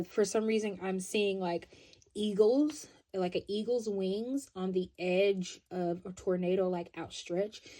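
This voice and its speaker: A woman giving a pick-a-card tarot love reading, chatty and expressive, often checking in with "right?". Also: medium pitch.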